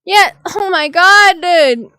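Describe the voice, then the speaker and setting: A woman's voice: extremely high pitch, sharp tone, dry recording, studio quality. A young adult woman streamer venting in an exasperated, profane rant. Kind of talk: venting live-stream chat.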